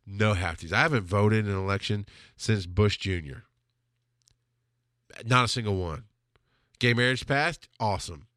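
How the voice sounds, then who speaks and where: A man's voice: normal speed, long pauses, dry recording, clean studio sound. Raw, profane man telling a confessional story. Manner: emotional, profane, swings from loud outbursts to quiet lows. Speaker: podcast host telling personal stories.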